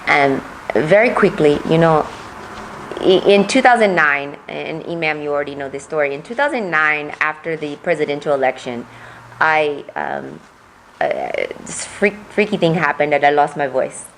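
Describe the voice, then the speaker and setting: A woman running for office, answering interview questions in a soft voice that lacks volume, earnest and repeating words as she builds her point. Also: sits low, lively intonation, moderate pace, a little hiss or hum, low-quality recording. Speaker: political candidate.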